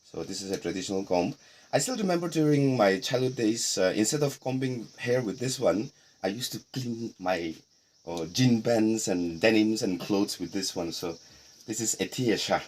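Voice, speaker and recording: A middle-aged tour guide from Nagaland, India, leads a casual tour of a heritage house, explaining in a relaxed way and tossing in playful asides. His voice sits lowish, at a moderate pace.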